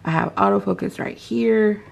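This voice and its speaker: A woman's voice: medium pitch, moderate pace, creaky. A woman beauty vlogger in casual vlog chat, talking to her viewers in a candid, confiding way.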